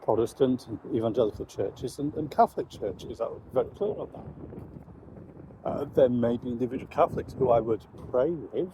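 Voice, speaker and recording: A man, a Christian commentator, giving measured, reflective commentary on current events. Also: medium pitch, warm tone, a little hiss or hum, low-quality recording.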